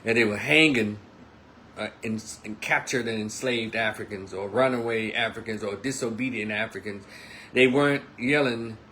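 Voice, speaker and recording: Animated man telling a story. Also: lowish voice, normal speed, slight background noise. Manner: animated storytelling, acts out quotes. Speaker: commentator. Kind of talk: casual monologue.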